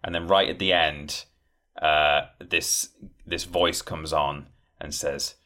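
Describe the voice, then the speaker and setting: A man's voice: rumbling low, fairly even intonation, slow, sharp tone. A man in casual podcast chat, rambling with many fillers and acting out quoted lines. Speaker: podcast guest discussing game trailers.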